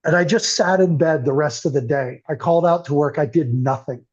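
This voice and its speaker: An older man, a guest on an interview podcast, earnestly and emotionally recounts his recovery. His voice sits a little high with a darkish tone, and he talks a bit quickly. The audio is muffled and lo-fi.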